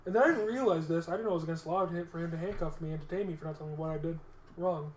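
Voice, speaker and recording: A man co-hosting a podcast, telling a story in a casual, animated and profane way. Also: a little high, rapid-fire, echoey room, a little hiss or hum. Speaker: podcast co-host.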